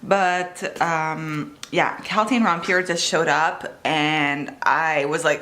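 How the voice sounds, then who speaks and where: A woman chatting casually in a reading vlog, excitable and gushing, filling her talk with "like" and the odd swear word. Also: fairly low pitch, a little slow, hardly any pauses. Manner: excitable, gushing, heavy use of "like" fillers. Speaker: book vlogger.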